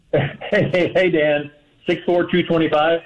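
A man's voice: on the high side, level tone, slow, background noise. A man calls in to a radio show and gives heartfelt advice in a friendly, earnest way. His voice comes through a dull, muffled phone line. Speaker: caller. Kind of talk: call-in advice.

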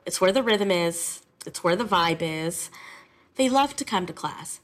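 Woman teacher talking fast and lively, kinda low voice, chatty and emotional. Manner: animated, chatty, emotional storytelling. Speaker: music teacher. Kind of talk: conversational interview.

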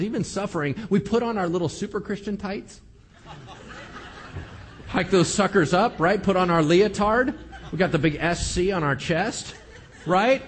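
A man preaching a humorous Bible-teaching sermon, animated and sarcastic. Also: high voice, slight background noise. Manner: animated and sarcastic, acting out scripture characters.

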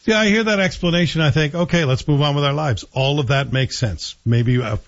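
A man hosting a radio talk show, chatty and jokey, telling stories with animated pacing. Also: fairly high pitch, a little fast, dull audio.

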